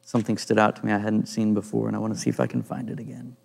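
A man leading an informal Bible study, thinking aloud and pausing to search for passages as he reads and explains scripture. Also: on the low side, level tone, vocal fry, breathy edge. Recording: long reverb in a room.

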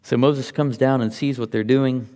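A man's voice: medium pitch, fairly even intonation, moderate pace, dark tone, in a large hall. A man teaching from the Bible, reading passages aloud and explaining them in a conversational, think-aloud way.

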